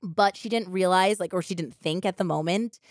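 Lower-voiced woman telling a true crime story. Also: moderate pace, no room sound, clean studio sound. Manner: animated retelling with lots of "like" and quoted voices. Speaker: podcast co-host.

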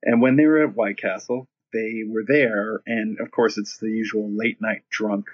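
Husky-voiced man telling a wild story. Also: fairly low pitch, moderate pace, dull audio. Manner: animated, profane, acts out quoted voices. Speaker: guest storyteller. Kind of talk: casual storytelling.

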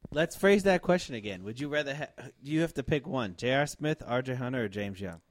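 A man co-hosting a sports podcast in casual chat, argumentative and excitable. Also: fairly quick. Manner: argumentative, excitable, with big swings in pitch. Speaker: podcast co-host.

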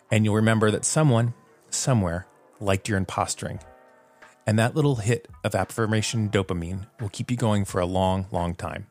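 A man with a fairly low voice talks through a solo podcast episode, loose and self-deprecating, often laughing at himself. He uses plenty of ums and uhs, and faint music plays underneath. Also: moderate pace, a little mellow. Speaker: podcast host. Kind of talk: casual solo podcast monologue.

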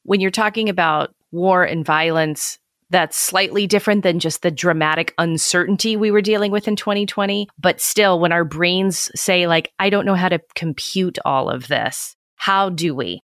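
Deep-voiced woman podcast host. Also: normal speed, a bit bright, no echo, studio quality. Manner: thoughtful, reflective questioning. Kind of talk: conversational podcast talk.

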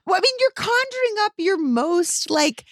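A woman's voice: very high-pitched, big pitch swings, moderate pace, noisy background. A woman co-hosting a podcast, playful and teasing, laughing often in casual chat. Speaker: podcast co-host.

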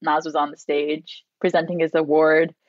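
Animated woman telling a story as a guest. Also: moderate pace, dry recording, lo-fi sound. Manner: animated, heavy use of "like", acts out quotes in a higher voice. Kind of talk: casual interview storytelling.

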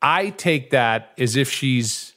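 A man's voice: mid-range voice, lively intonation, slow pace, a bit bright. A middle-aged man co-hosting a casual chat, rambling through stories and acting out quotes in other voices. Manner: rambling storyteller, acts out quotes. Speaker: podcast co-host.

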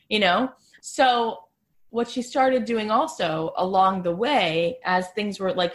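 A woman podcast host telling a story in a casual, chatty way, full of "like" fillers. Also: mid-range voice.

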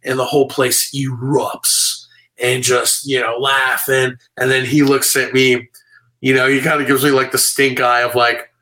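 A man, a comedian guest, telling animated stories on a video call from his room, full of "you know" and "like". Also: mid-range voice, a little slow, low-quality recording. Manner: animated, filler-heavy storytelling. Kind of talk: casual storytelling on a video call. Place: home room.

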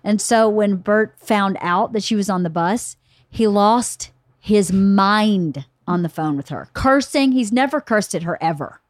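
Animated woman podcast host, dry sound. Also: medium pitch, a little slow, no room sound. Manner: animated, acts out quotes. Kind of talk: casual storytelling chat.

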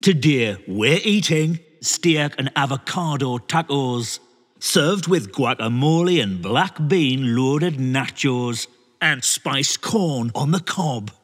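A man reading a scripted announcement as a reality show announcer, in a slow, measured voice. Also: medium pitch, animated, fairly bright tone. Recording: long reverb.

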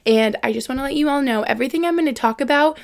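Young female podcast host, casual and earnest, filler-heavy, somewhat high-pitched. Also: racing, vocal fry. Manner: rambling and chatty, many "like" fillers; earnest and emotional. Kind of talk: casual solo podcast chat.

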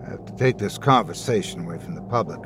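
A man's voice: deep voice, expressive, quick pace, a bit bright, soft background music, pitched below the performer's own voice. A man voicing a frightened, rattled grown man who speaks tensely and defensively.

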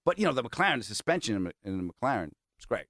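A man hosting a podcast, telling a long story in an animated, rambling way and swearing freely. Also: medium pitch, quick pace, dry recording, clean studio sound. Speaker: podcast host. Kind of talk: casual storytelling chat.

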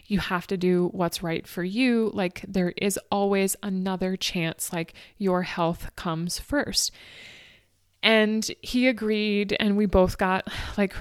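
Woman storyteller, smooth clear voice, dry close sound, emotional and chatty. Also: medium pitch, no echo. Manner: emotional, fighting back tears; frequent fillers like "like" and "um". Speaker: ultrarunner recounting a race. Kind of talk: personal storytelling.

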